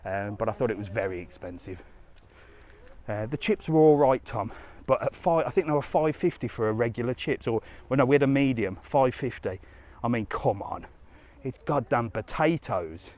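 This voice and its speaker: A man's voice: mid-range voice, animated, moderate pace, darkish tone. A man doing a live walking vlog, chatting cheekily and rambling as he strolls along a seaside resort promenade, filming on a handheld phone. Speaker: travel vlogger.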